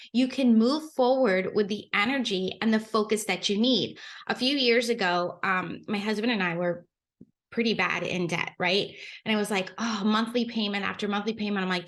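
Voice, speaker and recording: A woman's voice: mid-range voice, moderate pace, fairly bright tone. A woman hosting a podcast in a casual, motivational way, upbeat and chatty, often asking "right?" and acting out quoted reactions with playful exclamations. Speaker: podcast host.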